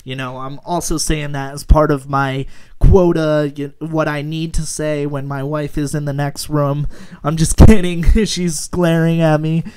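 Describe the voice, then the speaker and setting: A man's voice: fairly high pitch, little pitch movement, unhurried, darkish tone, clear, resonant tone. A young man, a gaming YouTuber, chatting casually and rambling, with frequent laughs and jokes. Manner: rambling, laughing often, joking. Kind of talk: casual commentary over gameplay.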